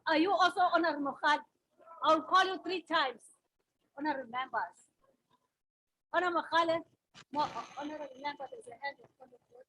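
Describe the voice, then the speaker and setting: A woman's voice: high voice, fast, pauses often, sharp tone, low-quality recording. A woman chairing a heated parliamentary debate, firmly calling members to order.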